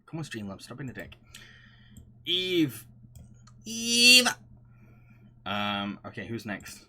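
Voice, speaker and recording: A man's voice: fairly low pitch, a little fast, sharp tone, slightly rough. A man streaming live, chatting casually and reading viewer comments, often laughing and gushing with frequent restarts.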